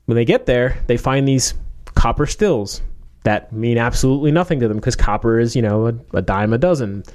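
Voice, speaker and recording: A man's voice: mid-range voice, a little fast, a little mellow. A man in casual chat, rambling through a story with many fillers, restarts and joking asides.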